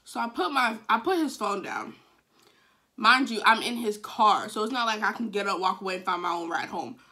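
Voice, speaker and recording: A woman's voice: medium pitch, moderate pace. A young woman in her twenties vlogging a casual storytime, frank and profane, with sudden dramatic outbursts. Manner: dramatic, animated retelling with sudden wailing outbursts.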